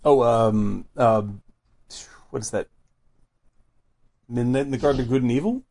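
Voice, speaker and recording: A man talks movies in a casual, rambling way. His voice is gravelly with a husky edge. He is eager and leans on plenty of uhs and likes. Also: medium pitch, measured pace, dark tone. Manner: rambling and enthusiastic, heavy on fillers.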